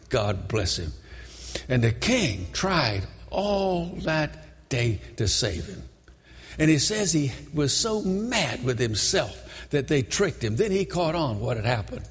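Older preacher in a reverberant hall. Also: male voice, breathy edge. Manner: dramatic storytelling, bursts into high shouting for quoted characters. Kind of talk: sermon. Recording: long reverb of a large hall.

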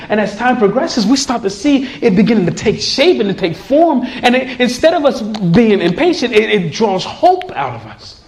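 A man preaching a sermon in an animated way, laughing often and acting out voices in his examples. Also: high-pitched, fairly quick, hardly any pauses, slight background noise.

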